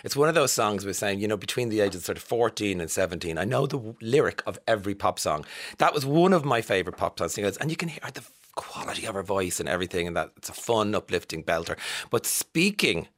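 An Irish radio host in his fifties talks fast and animatedly from a studio booth in a fairly low, fairly bright voice. On his casual show, he reads listener texts and adds jokey, self-mocking asides.

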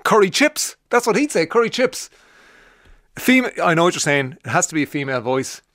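An Irish man hosting a radio talk show, chatty and jokey, dropping into quick playful impressions. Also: fairly high pitch, big pitch swings, a bit bright, dry recording, clean studio sound. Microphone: studio microphone.

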